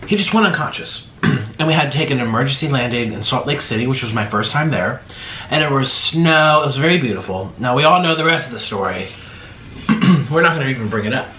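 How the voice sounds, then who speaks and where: A man hosting a mukbang, telling a rambling story casually while eating. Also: medium pitch. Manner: chatty, rambling, animated. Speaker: mukbang host. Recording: roomy echo, faint background hiss.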